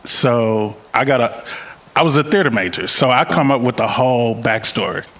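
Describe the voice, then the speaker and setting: A man talking casually on a live panel, playful and animated as he tells his stories. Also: mid-range voice, moderate pace.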